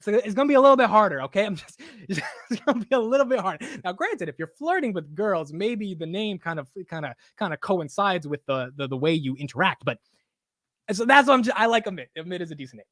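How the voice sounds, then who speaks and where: A man's voice: sits high, expressive, fast talker, a bit bright, dry recording, clean studio sound. A young man hosting a casual livestream, talking in an emotional, rambling way, swearing now and then and repeating himself. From United States. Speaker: livestream host.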